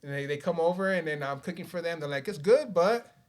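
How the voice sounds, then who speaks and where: A man's voice: on the high side, steady tone, fast, clean tone. A man, telling his life story on a podcast in a laid-back way, swearing often and saying "you know" a lot. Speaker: podcast guest. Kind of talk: casual storytelling.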